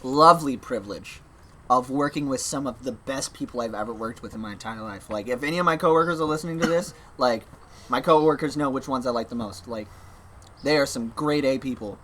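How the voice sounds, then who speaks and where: A young man co-hosts a casual podcast, his medium-pitched voice moving a little fast over slight background noise. Animated, he narrates a work story, performs the quotes, and laughs frequently.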